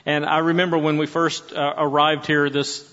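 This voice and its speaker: A man's voice: a little high, flat delivery, normal speed, bright, forceful tone. A man in his sixties speaking to an audience, telling stories with frequent restarts. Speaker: speaker at a church gathering. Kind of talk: preaching-style talk to an audience. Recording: dull sound with long hall reverb.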